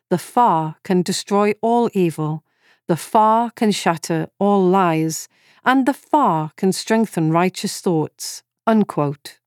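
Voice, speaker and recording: A woman in her forties reading a first-person story in calm, measured scripted narration. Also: lowish voice, dry recording, clean studio sound. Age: 40s.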